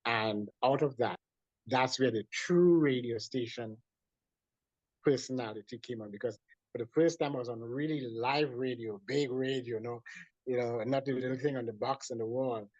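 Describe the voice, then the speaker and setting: A man, a guest in an interview, telling a personal story in an animated way with many restarts. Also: mid-range voice, moderate pace, dry recording. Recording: dull lo-fi dry sound.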